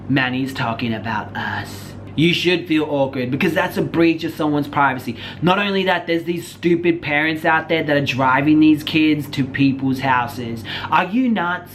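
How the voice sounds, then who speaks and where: A man's voice: fairly high pitch, a bit bright, slight background noise. A man hosting a drama commentary channel, casual, blunt and joking, with plenty of swearing.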